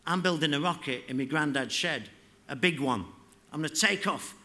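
A man's voice: fairly high pitch, normal speed, sharp tone. A man reading the part of a cocky, stoned teenage boy who boasts in a swaggering, sweary way.

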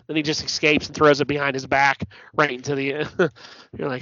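A man on a casual podcast, blunt and a little profane, who tells stories with animated asides. His voice sits a touch high, with a dry, close sound and a dull, lo-fi recording. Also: a little fast, no echo. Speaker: podcast co-host. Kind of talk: casual sports chat.

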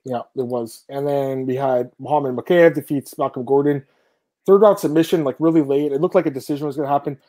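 A man hosting a sports podcast, running through fight results in quick, casual chat. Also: mid-range voice, fairly even intonation, dark tone. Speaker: podcast host.

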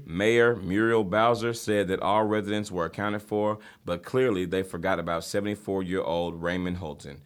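A man with a fairly low voice, hosting a casual talk show. He tells stories in a loose, easygoing way and breaks into laughter readily. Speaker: host. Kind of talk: casual podcast chat.

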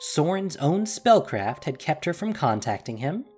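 A narrator reading a fantasy story aloud in an expressive, dramatic storytelling manner. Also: mid-range voice, unhurried, soft background music. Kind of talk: scripted audiobook narration.

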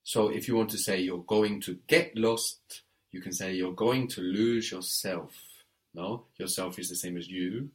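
A man teaching French one-on-one, walking his student through each sentence piece by piece. He speaks slowly and deliberately in a lowish voice, correcting gently. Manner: patient, prompts and corrects step by step. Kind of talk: one-on-one language lesson.

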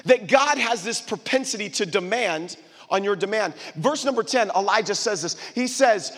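A man's voice: high voice, expressive, normal speed, a bit bright, big-room sound. A man preaching a sermon to a live congregation, emphatic and repetitive, calling on the audience to answer back. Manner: emphatic, repeats call-and-response phrases to the crowd.

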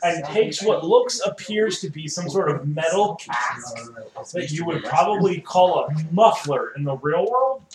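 A man's voice: on the high side, very animated, measured pace. A man narrating as dungeon master in a casual, profane way. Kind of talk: narrating a tabletop game. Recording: echoey room with chatter.

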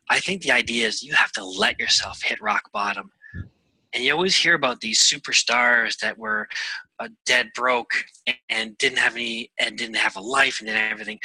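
A man, a guest on a radio show, talking in an earnest, rambling way with many pauses and fillers. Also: medium pitch, pushed and bright, slightly rough, no room sound, low-quality recording. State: getting emotional. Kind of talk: casual interview chat.

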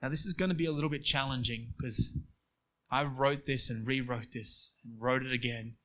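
A man preaching a sermon, moving between quiet storytelling and emphatic passages. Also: mid-range voice, moderate pace.

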